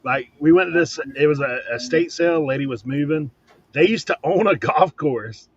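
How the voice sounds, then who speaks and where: A man with a husky, raised voice tells stories in a relaxed chat, laughing as he talks. He is on a video call, and his audio comes through muffled and lo-fi. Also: on the high side, normal speed, no echo. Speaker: reseller on a panel. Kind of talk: casual chat, telling stories.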